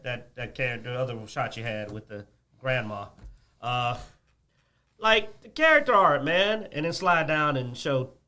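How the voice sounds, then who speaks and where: Male co-host, high bright voice, lively ranting chat delivery. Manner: animated, ranting, laughs often. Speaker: podcast co-host. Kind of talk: casual chat about games.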